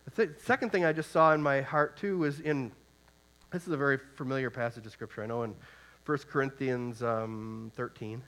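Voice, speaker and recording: A man preaching a sermon in an earnest way, reading scripture aloud and asking rhetorical questions, moving from soft, slow reflection to loud, emphatic urging. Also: mid-range voice.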